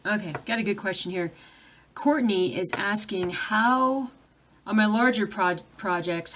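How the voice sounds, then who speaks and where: A woman's voice: lowish voice, slight background noise. A woman chatting casually on a live stream at home, reading viewer comments aloud and breaking off to deal with her dogs. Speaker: cross-stitch vlogger.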